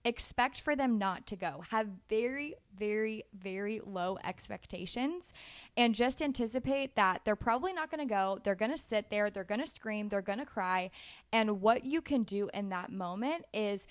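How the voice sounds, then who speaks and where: A woman's voice: medium pitch, normal speed. Chatty young woman giving parenting tips. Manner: animated, chatty, laughs easily. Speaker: parenting vlogger. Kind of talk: casual advice chat.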